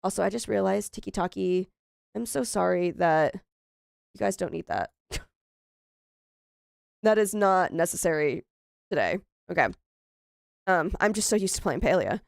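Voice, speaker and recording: A woman's voice: fairly low pitch, lively intonation, unhurried, vocal fry, pauses often, no room sound, clean studio sound. A woman in her thirties chatting casually while playing a horror game, often exclaiming in frustration. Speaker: gaming streamer. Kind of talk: casual let's-play commentary.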